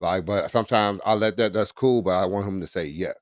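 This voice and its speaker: A man's voice: lowish voice, fairly quick, no room sound. A man chatting casually as a podcast co-host, laid-back and repeating "you know what I'm saying". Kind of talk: casual chat.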